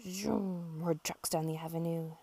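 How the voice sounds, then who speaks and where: A mother reading a children's picture book aloud, slow and expressive with a sing-song lilt. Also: deep voice, creaky, husky. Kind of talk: storybook read-aloud.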